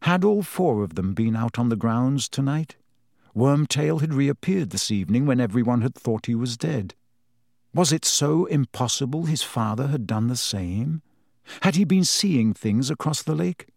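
A man narrating a novel in a measured, even storytelling manner. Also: mid-range voice, creaky, no echo, studio quality. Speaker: audiobook narrator. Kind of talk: scripted narration.

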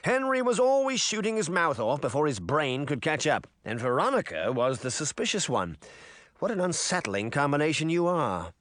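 A man's voice: on the high side, very animated, moderate pace, fairly bright tone, no echo, clean studio sound. A man voicing a smug, scheming prince in an audiobook, with a cold, sneering delivery. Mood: scornful. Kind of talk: audiobook character reading.

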